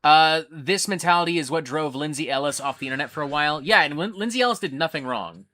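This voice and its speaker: A man's voice: on the high side, quick pace, bright, forceful tone. A man hosting a casual livestream, ranting animatedly with lots of swearing. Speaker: livestream host.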